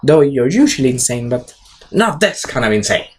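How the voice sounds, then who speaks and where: A man's voice: medium pitch, sing-song, moderate pace, darkish tone, breathy edge. A man giving a rambling, casual movie recap, jumping around and swearing now and then. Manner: rambling, jumps around, frequent fillers and swearing. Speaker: movie reviewer.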